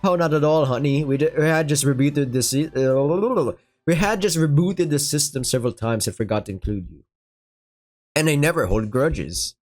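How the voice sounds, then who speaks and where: A man's voice: fairly high pitch, normal speed, a little mellow, lightly acted. A man voicing a smug, flirty rich female protogen boss who talks in a sugary, teasing way.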